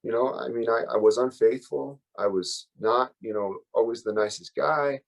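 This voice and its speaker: A man's voice: medium pitch, moderate pace, creaky, low-quality recording. A man giving a candid, emotional personal recovery share as a workshop speaker, rambling and full of fillers.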